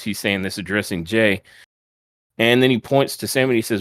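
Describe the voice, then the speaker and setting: A man's voice: on the low side, normal speed, a bit bright, no room sound. A man hosting a podcast, casually recapping a wrestling show step by step on a close mic. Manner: retells events step by step, quoting wrestlers. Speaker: podcast host.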